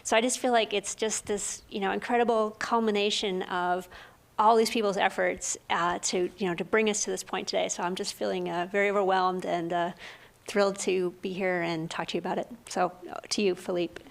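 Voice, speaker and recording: A woman scientist speaking on a panel briefing, earnest and halting, with many fillers and restarts. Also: mid-range voice, level tone, gravelly.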